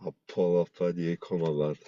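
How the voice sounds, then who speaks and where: A man's voice: sits low, level tone, normal speed. A man hosting a casual podcast chat, full of slang, stammered restarts and "mate". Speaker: podcast host. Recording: dull lo-fi dry sound.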